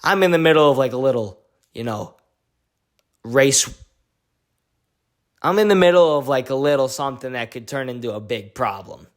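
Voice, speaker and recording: A male vlogger giving an excitable, slangy recap of a fight week, full of "like"s. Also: on the high side, moderate pace, long pauses. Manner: excitable, slangy storytelling with many "like"s. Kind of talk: casual event recap vlog.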